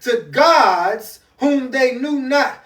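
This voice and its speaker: High-voiced fervent preacher man. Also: animated, drawn-out words, a bit bright. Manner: fervent, rhythmic, repeats phrases. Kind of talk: preaching Bible study. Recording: echoey room, distant mic.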